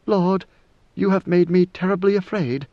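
A man's voice: high-pitched, moderate pace, no echo, pitched above the performer's own voice. A man reading an audiobook and voicing a devoted, fearful young woman who speaks faintly and hesitantly. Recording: dull lo-fi dry recording.

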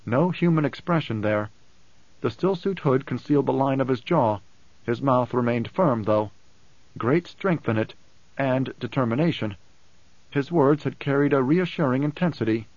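A man narrating a novel in a steady, even storytelling manner. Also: mid-range voice, moderate pace, dry recording, highs cut off. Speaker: audiobook narrator. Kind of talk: scripted narration.

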